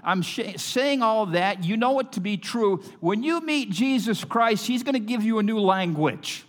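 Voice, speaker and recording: A man preaching a sermon as pastor, emphatic, swinging between loud and hushed delivery. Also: high voice, expressive, measured pace, big-room sound.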